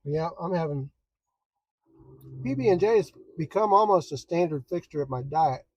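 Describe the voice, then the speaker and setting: A man's voice: fairly high pitch, lively intonation, moderate pace, a little mellow, no room sound, lo-fi sound. A man who chases storms and photographs them, chatting casually with viewers on a live stream from the roadside. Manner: easygoing, chatty, talks to viewers. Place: outdoors by the roadside on open plains.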